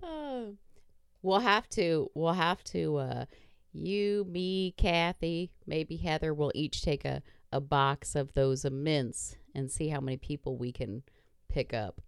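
A woman's voice: deep voice, slow pace, smooth, no room sound, studio quality. A woman hosting a podcast, chatting casually in a bawdy, self-mocking way and laughing often. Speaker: podcast host. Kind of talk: casual chat.

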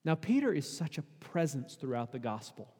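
Guy preaching in church, kinda high voice, chatty then gets really emphatic, long echo in the hall. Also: sing-song, moderate pace, a little mellow, slightly rough. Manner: conversational preaching, rising to emphatic peaks. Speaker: pastor. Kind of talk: sermon.

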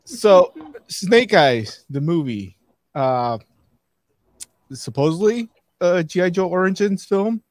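A man's voice: sits high, animated, slow pace, long pauses, no echo. A man co-hosting a casual podcast, reviewing a film in a rambling way with many fillers and restarts.

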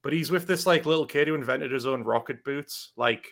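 A man co-hosting a casual wrestling chat, talking quickly with frequent laughs and asides. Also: medium pitch, gravelly, a bit bright. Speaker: podcast co-host.

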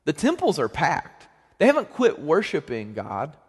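Joking young pastor in a reverberant hall. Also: male voice, a little slow, slightly rough. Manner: conversational and joking, with animated swings in pitch and volume. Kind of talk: sermon.

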